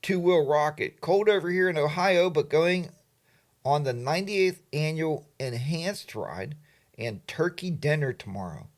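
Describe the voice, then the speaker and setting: A man's voice: fairly high pitch, expressive, a little slow. A middle-aged man hosting a casual livestream, chatty and playful, greeting viewers by name. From Pennsylvania, USA. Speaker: livestream host. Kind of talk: casual live chat.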